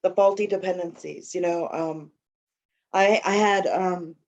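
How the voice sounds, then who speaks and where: A woman speaks in a lowish voice, halting and searching, with many fillers and restarts as she shares at a recovery meeting. The audio is dull and lo-fi. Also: fairly even intonation, a little mellow. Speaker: meeting member sharing.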